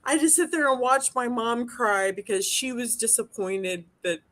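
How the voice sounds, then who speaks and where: A woman's voice: on the high side, moderate pace, a bit bright. A woman telling a personal story on a podcast, emotional and freely swearing. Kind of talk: casual podcast chat.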